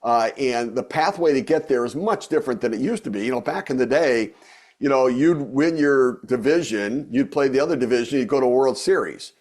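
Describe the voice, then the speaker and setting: Casting note: middle-aged man, mid-pitched, chatty guest who rambles and restarts often. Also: lively intonation, fairly quick, darkish tone. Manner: rambling, many fillers and restarts. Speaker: guest, former baseball executive and radio host. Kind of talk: casual podcast interview.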